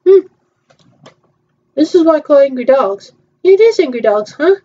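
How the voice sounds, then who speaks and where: A woman's voice: sits high, lively intonation, normal speed, warm tone. Hesitant woman on a dull lo-fi recording. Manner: hesitant, frequent ums, playful back-and-forth. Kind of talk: casual virtual theme-park tour chat.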